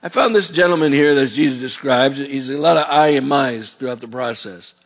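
A man's voice: medium pitch, fairly quick. A male pastor preaching a sermon in a folksy, digressive and earnest way. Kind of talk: sermon with scripture reading.

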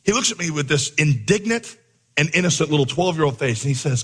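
Husky-voiced preacher in a big reverberant hall. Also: male voice, fairly high pitch, fast talker. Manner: animated storyteller, acting out his own shouts as coach. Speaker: pastor. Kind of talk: sermon with a comic story.

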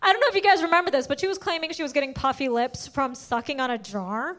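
Woman, stand-up comic, high voice, animated, loud acted-out bits. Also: fast talker. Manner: animated storytelling, loud bursts when acting out scenes. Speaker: stand-up comedian. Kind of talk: stand-up comedy set.

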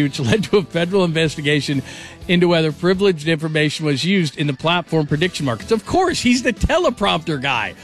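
A man hosting a national sports radio show, enthusiastic and heavy on superlatives. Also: a little high.

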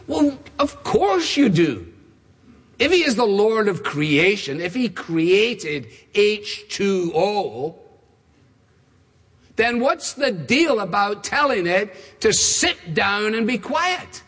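Man, preacher, sermon, emphatic repeated phrases, husky, large church, long hall reverb. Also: high voice, very animated, takes it slowly, fairly bright tone.

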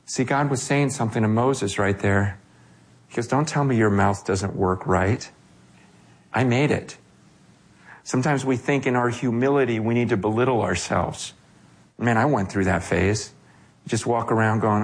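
A man preaching a sermon, animated, acting out quoted voices, often repeating himself as he restarts. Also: medium pitch, normal speed. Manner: frequent self-corrections and repeated words. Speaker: pastor.

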